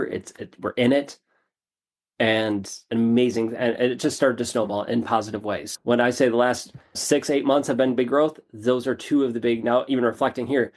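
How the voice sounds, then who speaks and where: A man of ordinary middle pitch talks as a podcast guest, recounting a personal turning point. He tells it in a casual, animated way, poking fun at himself and repeating lines for emphasis. His voice sits right in the middle range, neither deep nor high. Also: moderate pace. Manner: animated, repetitive, self-deprecating storytelling. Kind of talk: casual storytelling interview.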